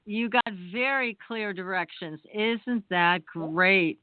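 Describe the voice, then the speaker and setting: A woman's voice: medium pitch, slow pace, no room sound. A woman hosting a remote interview, reacting with enthusiastic exclamations. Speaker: interview host. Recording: dry, tinny phone-like line.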